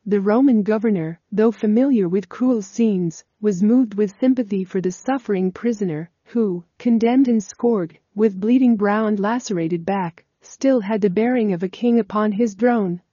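A woman reading a religious text aloud as scripted narration, in a steady, measured way. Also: medium pitch, dry recording. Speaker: audiobook reader. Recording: dull, lo-fi dry recording.

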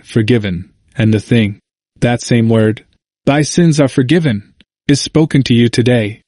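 Man reading a sermon out loud, earnest, lots of pointed questions, mid pitch, dead dry sound. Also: no echo. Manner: earnest, emphatic, rhetorical questioning. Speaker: sermon reader. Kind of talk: read-aloud sermon.

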